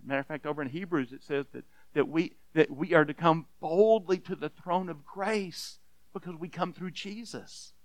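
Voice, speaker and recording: A man preaching a sermon as pastor, earnest and emphatic, often restarting with repeated words and dropping to a hush on key points. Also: fairly high pitch, no room sound. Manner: earnest, repeats words when restarting, swings between loud emphasis and hushed softness.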